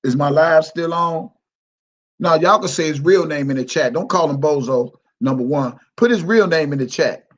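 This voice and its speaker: A man's voice: a little high, normal speed, rough recording. A man hosting a livestream, ranting in a mocking, repetitive, profane way. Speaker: livestream host. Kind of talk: heated livestream rant.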